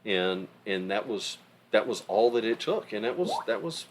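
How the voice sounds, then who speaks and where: Man, middle-aged, podcast co-host, low voice, very animated, casual chat. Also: normal speed, slight background noise. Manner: animated, emphatic storytelling. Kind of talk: casual conversation.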